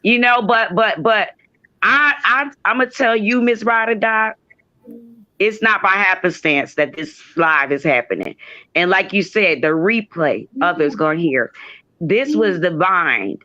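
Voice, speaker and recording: A man's voice: sits high, expressive, unhurried, bright, forceful tone, no echo. Man, from New Jersey, live-stream guest, earnest and spiritual, dull lo-fi call audio, dry sound. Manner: earnest, spiritual, wandering phrasing. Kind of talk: casual live-stream chat.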